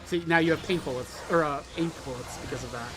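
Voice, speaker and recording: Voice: mid-range voice, fast talker, soft background music. A co-host with a New Jersey accent, coaching a new player and joking insistently. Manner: animated, loudly insistent jokes. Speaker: co-host of a game stream. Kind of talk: casual gaming chat.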